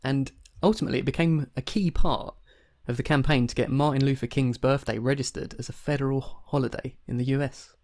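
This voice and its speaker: A man's voice: medium pitch, steady tone, fairly quick, few pauses, a little mellow. A man co-hosting a comedy advice podcast, telling a long, meandering story in a wry, understated way. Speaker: podcast co-host. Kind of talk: casual comedic advice chat.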